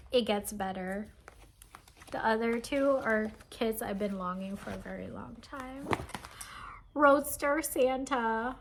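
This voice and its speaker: A woman vlogger chatting casually as she shows off craft kits, gushing and excitable, with lots of fillers and sighs. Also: medium pitch, takes it slowly, creaky, slight background noise. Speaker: cross-stitch vlogger. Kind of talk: casual show-and-tell chat.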